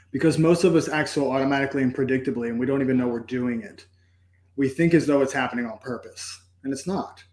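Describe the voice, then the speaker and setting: A man's voice: medium pitch, darkish tone, reverberant. A man speaking earnestly and reflectively as a podcast guest, telling a personal story.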